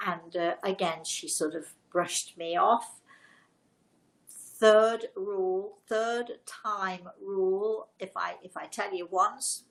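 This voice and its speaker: An older woman hosts a live show and tells a personal anecdote, acting out each exchange. Her voice has a gravelly edge and sits in a middle register. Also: medium pitch, takes it slowly, low-quality recording. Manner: animated, acts out dialogue with shifting voices. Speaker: host.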